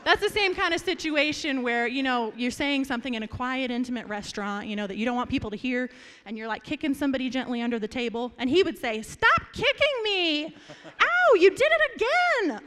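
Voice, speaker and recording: A woman's voice: fairly high pitch, fast, few pauses. Young woman telling family stories in a hall. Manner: lively storyteller, laughs often, turns earnest. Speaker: family member giving a eulogy. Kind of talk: memorial speech with funny anecdotes. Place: memorial gathering hall. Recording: reverberant hall.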